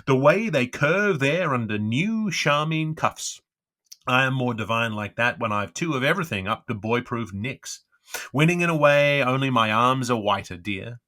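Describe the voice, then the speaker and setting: A man giving an unrehearsed, expressive reading of dense literary prose, with a lilting delivery and occasional stumbles over words. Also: medium pitch, unhurried. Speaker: reader.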